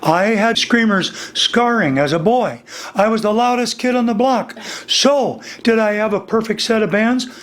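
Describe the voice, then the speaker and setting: An older man teaching singing in a slow, deliberate interview manner, his voice slightly worn. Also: sits high, fairly bright tone. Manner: demonstrates vocal registers, slow and deliberate. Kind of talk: instructional interview.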